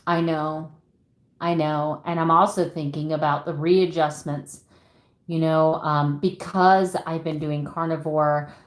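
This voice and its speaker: A woman's voice: low voice, flat delivery, a little slow, echoey room. A middle-aged woman vlogging live, earnest and openly emotional, sighing and greeting viewers as she reads their messages. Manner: frequent sighs and fillers, warm greetings to viewers. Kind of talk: livestream chat, reading viewer messages.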